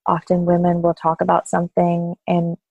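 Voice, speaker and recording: Low, flat-toned woman doula, gentle and reflective; slight fry. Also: moderate pace, dry recording, phone-quality sound. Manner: thoughtful, gentle, with soft laughs. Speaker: postpartum doula. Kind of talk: interview conversation.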